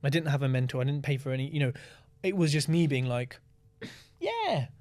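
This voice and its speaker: A man speaking as a guest in an interview, blunt and candid, telling stories in a lively way and swearing freely. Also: mid-range voice, brisk. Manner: animated storytelling with acted-out asides. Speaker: podcast guest, property investor. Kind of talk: casual interview talk.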